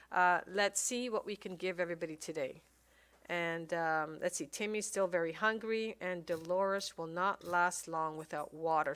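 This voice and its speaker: A woman giving casual gameplay commentary, reading game text aloud and thinking out loud with many pauses and fillers. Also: on the low side. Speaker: let's play commentator.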